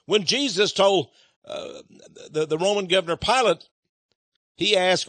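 Male preacher, high voice, dry close sound, emphatic sermon style. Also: measured pace, pauses often, fairly bright tone, no room sound. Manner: emphatic, rhetorical questions, acts out quotes.

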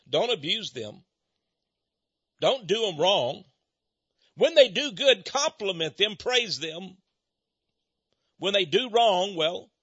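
A man's voice: high voice, pushed and bright, breathy edge, dry recording. An older man, possibly from Texas, delivering a folksy, rambling monologue with chuckles and asides, turning preachy when he quotes scripture. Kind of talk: monologue commentary. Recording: muffled dry lo-fi recording.

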